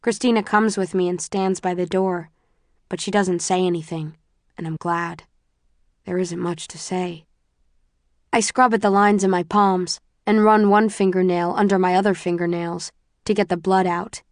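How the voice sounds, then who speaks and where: A woman narrating a first-person audiobook in a measured, subdued way. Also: fairly low pitch, steady tone, no echo, clean studio sound.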